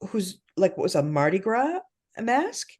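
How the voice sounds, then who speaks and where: A middle-aged woman co-hosting a podcast in casual chat, candid and animated, swearing freely. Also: medium pitch, a little slow. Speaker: podcast co-host.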